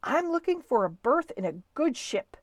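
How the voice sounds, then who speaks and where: A woman voicing a bold, eager little male mouse sailor who speaks crisply and keenly in a storybook reading. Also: high voice, very animated, moderate pace, dry recording, studio quality, voice pushed up. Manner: crisp, keen and loyal.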